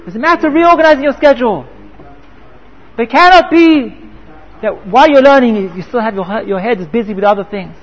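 A man's voice: very high-pitched, lively intonation, brisk. A man giving a Torah lecture, telling a parable and asking rhetorical questions. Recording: echoey hall, dull lo-fi sound.

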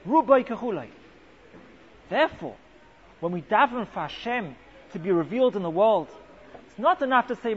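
A man teaching a Torah class as a rabbi, asking rhetorical questions and dropping sarcastic asides. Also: sits high. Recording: muffled lo-fi recording with faint hiss.

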